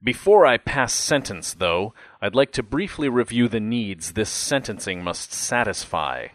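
A man voicing a stern elderly male judge, speaking in a formal, measured way. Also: on the low side, sing-song, dry recording, low-quality recording.

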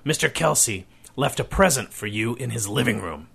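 A man voicing a lonely old man who is secretly Santa Claus, gentle, kindly and a little mischievous. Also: medium pitch, lively intonation, normal speed, creaky, breathy edge, heavily acted. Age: older. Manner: gentle, kindly, with sly warnings.

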